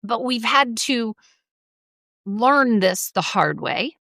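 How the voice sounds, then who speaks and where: A middle-aged woman co-hosting a podcast, telling a story in a casual, animated way and acting out the people in it. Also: a little high, slow, no echo, studio quality. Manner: animated storyteller, quotes people in lively voices. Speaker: podcast co-host.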